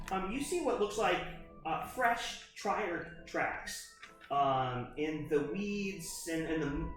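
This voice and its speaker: Halting game master in an echoey room. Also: male voice, sits high, fairly bright tone, recorded from a distance. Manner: halting, full of fillers and restarts. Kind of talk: narrating a tabletop horror game.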